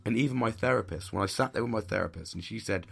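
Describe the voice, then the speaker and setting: A man's voice: lowish voice, fast, creaky, breathy edge, faint music behind. A man hosting a podcast, talking bluntly and intensely in a candid monologue, swearing heavily and pressing his points hard. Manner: emphatic and intense. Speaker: podcast host.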